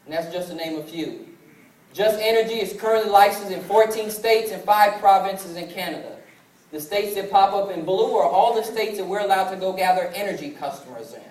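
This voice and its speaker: A young man with a high voice gives a motivational sales talk, acting out the people in his stories. He is picked up from a distance in a roomy, echoing hall with faint ambience behind him. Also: darkish tone. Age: 20s. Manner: storytelling that acts out family dialogue. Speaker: sales presenter. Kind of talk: motivational business presentation.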